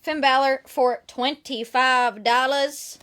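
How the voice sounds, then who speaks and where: A woman's voice: sits high, fairly even intonation, slow, fairly bright tone. A woman hosting a live sales stream, bubbly and teasing, laughing often. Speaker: host selling signed merchandise.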